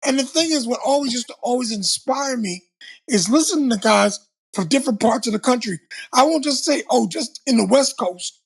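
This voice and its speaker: A man's voice: extremely high pitch, expressive, a little fast, breathy edge. An older man from Long Island, New York, telling stories in a casual conversation and animatedly acting out the voices he quotes. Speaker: co-host, former TV host.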